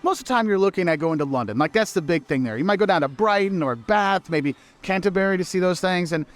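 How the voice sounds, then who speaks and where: A man's voice: high voice, expressive, quick pace. A man giving upbeat travel advice as a vlogger, explaining things eagerly.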